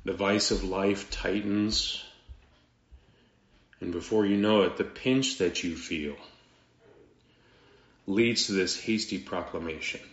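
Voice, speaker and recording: A man preaching a sermon as pastor, in a slow, dramatic delivery with pauses and sudden drops to quiet. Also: sits low. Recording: echoey room, dull lo-fi sound.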